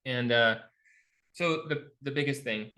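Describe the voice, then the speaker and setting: A man's voice: mid-range voice, a little slow, sharp tone. A middle-aged man coaching a live online class on real estate investing, telling stories and acting out both sides of his phone calls. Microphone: video call.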